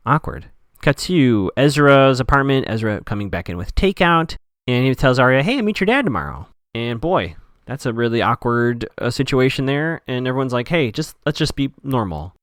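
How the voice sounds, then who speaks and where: A man's voice: mid-range voice, no echo, clean studio sound. Chatty man recapping a show. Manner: chatty, quotes characters in playful voices. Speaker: podcast host recapping a TV episode. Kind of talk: casual recap chat.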